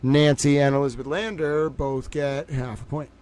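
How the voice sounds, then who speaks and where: A man hosting a casual livestream trivia game, calling out viewers by name and praising them, swinging from loud excitement to quiet muttering. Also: on the high side, normal speed, slight background noise. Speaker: livestream host running trivia.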